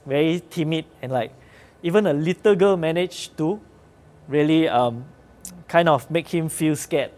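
A male preacher speaks earnestly and conversationally. His voice is slightly high for a man, and he sometimes pauses on fillers as he goes. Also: a little mellow. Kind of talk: sermon.

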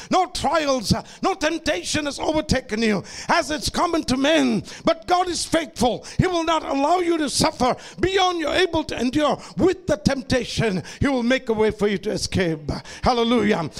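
High-pitched man preaching with shouts. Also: animated, moderate pace, vocal fry, hardly any pauses. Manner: impassioned preaching that swings into shouting; repeats phrases and calls out to the congregation. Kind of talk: sermon.

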